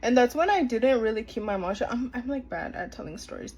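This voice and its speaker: A woman's voice: a little high, animated, fairly quick, husky, poor audio. A woman in her twenties telling a story in casual chat, filler-heavy, acting out what people said. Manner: chatty, filler-heavy, acts out quoted dialogue. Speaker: storytime vlogger.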